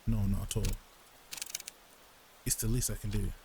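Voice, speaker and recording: A man reading, in his own low voice, the lines of an anxious, polite woman who owns the house. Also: little pitch movement, normal speed, background noise, natural voice. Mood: uneasy.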